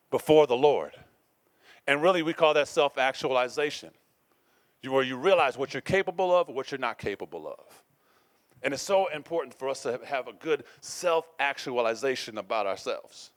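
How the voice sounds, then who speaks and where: A man preaching a sermon to a congregation, using call-and-response and swinging between loud declarations and hushed asides. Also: medium pitch, no room sound.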